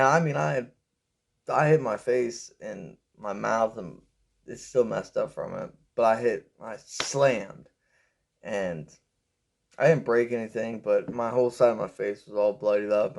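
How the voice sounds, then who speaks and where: A young man rambling through a personal story with lots of fillers, raising his pitch when he quotes people. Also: measured pace, vocal fry. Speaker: vlogger telling a story. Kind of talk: casual storytelling.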